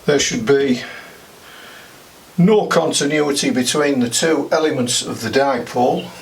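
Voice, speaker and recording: An older British man, an amateur radio hobbyist, shows how to build and solder an antenna while chatting and thinking aloud. His mid-range voice moves a little slowly. The mic is distant and background noise is clearly audible.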